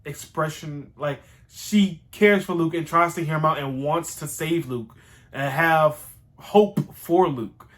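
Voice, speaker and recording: A man casually rambling through a show recap, excitable and slangy, with some swearing. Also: on the high side, slow pace.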